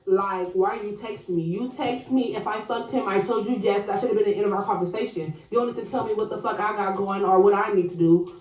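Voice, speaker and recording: A woman's voice: mid-range voice, fast, a little mellow, roomy sound. A woman telling a storytime on her vlog, bluntly and profanely retelling a text-message argument in a heated voice.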